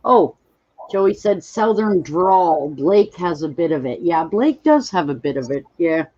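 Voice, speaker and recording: A woman's voice: on the low side, a little mellow, no room sound, muffled recording. A woman hosting a live stream, chatting casually and reading out viewer comments as they come in. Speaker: livestream host.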